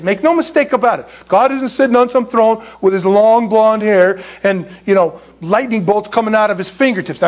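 A middle-aged male pastor from California preaching an animated, jokey sermon. His voice sits high and carries a husky edge. He leaps into squealing voices when he acts out quotes.

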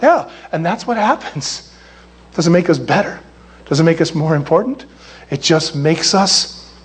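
A middle-aged male pastor from California preaching an animated, jokey sermon. His voice sits high and carries a husky edge. He leaps into squealing voices when he acts out quotes.

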